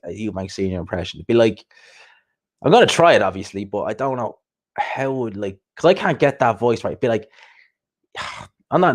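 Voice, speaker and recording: A man hosting a casual livestream chat, chatty and quick to laugh, often repeating himself and swearing. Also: medium pitch. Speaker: host.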